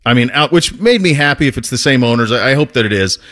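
A man hosting a talk show, telling a casual, animated story with frequent restarts and laughs. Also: mid-range voice, quick pace. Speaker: host.

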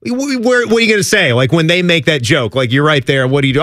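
A man co-hosting a casual sports radio talk show, laughing often and jumping into quick asides. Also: fairly high pitch, very animated, fairly bright tone, no room sound, studio quality.

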